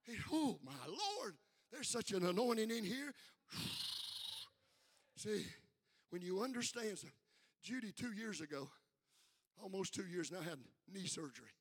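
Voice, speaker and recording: An older man preaching a fiery sermon, building from quiet talk to shouted peaks and calling out for responses. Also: sits high, animated, measured pace, long pauses. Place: church sanctuary with congregation. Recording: live hall with long reverb.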